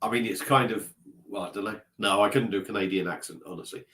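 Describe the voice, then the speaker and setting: A man's voice: lowish voice, fast, pushed and bright. Brief: guy on a casual home live stream, stuffy-nosed, rambling and self-deprecating into a laptop mic. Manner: rambling, self-mocking, chatty, reading out comments. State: slightly stuffy nose. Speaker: beer vlogger live-streaming. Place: at his desk at home.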